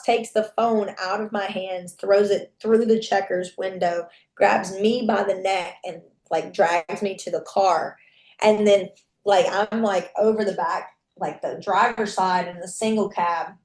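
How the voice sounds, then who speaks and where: A woman's voice: medium pitch, steady tone, a little slow, a little mellow. A young adult woman, a podcast guest, tells a personal story frankly, swearing freely and acting out what people said. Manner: candid, profane, reenacts dialogue. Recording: echoey room.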